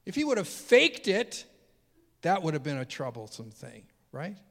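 A man preaching a sermon as a pastor, telling a personal story earnestly, dropping low and quiet and then rising loud and high when moved. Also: wildly swooping pitch, moderate pace, gravelly. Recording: reverberant hall.

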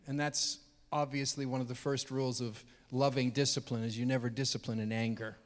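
A male pastor telling a story from the pulpit, earnest and heartfelt. His voice sits at an ordinary middle pitch, but it drops to a hush and then climbs loud and high at the emotional peaks. A long hall reverb trails every phrase. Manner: earnest, swings from hushed to loud and high when moved. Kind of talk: sermon storytelling.

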